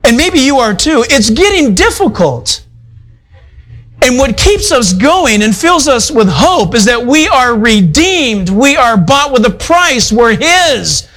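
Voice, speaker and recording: A man's voice: extremely high pitch, sing-song, slow, fairly bright tone, low-quality recording. A male pastor preaching a sermon in a conversational, folksy way, full of asides to his congregation. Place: church fellowship hall.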